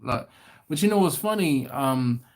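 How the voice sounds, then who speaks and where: A man hosting a relaxed live stream, talking loosely with viewers. He rambles, restarts his sentences and laughs often, in a voice of ordinary pitch. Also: a little slow. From not from Baltimore. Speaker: livestream host. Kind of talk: casual live-stream chat.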